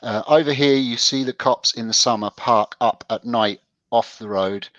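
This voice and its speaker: A man's voice: mid-range voice, moderate pace, fairly bright tone, dry recording, highs cut off. A man co-hosting a casual chat show, telling stories in a stop-start way with restarts. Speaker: podcast co-host.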